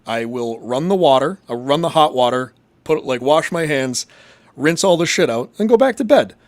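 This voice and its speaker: A man's voice: on the high side, animated, normal speed. Guy from massachusetts riffing on his show, swears a ton, voice bounces all over. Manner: crude, profane, jokey. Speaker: live show host reading chat. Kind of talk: casual rambling chat.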